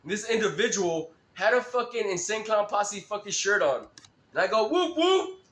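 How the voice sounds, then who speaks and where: A man's voice: sits high, normal speed, a bit bright, roomy sound. A man rambling through a profane, laugh-filled story on a live stream.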